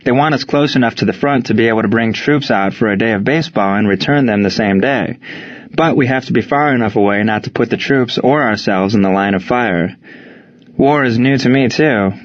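A man voicing a steady male wartime baseball coach who talks in a plain, measured, reassuring way. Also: mid-range voice, natural voice. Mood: calm. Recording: slightly dull lo-fi recording.

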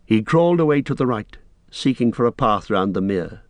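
Speaking at a medium pitch, a male narrator reads a fantasy audiobook with calm, even pacing. The recording carries no room sound.

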